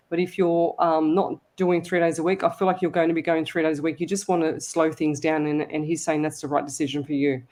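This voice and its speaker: A woman hosting a live psychic radio show, reading listener comments aloud and giving readings with hesitant pauses. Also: on the low side, a little mellow. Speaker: psychic medium host.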